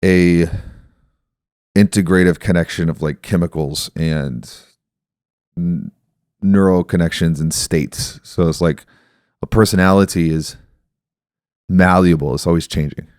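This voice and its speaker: A man's voice: sits low, steady tone, unhurried, pauses often, darkish tone, clean tone, dry recording, clean studio sound. A man in his thirties hosting a podcast, telling a story and explaining ideas in a reflective, casual way. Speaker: podcast host.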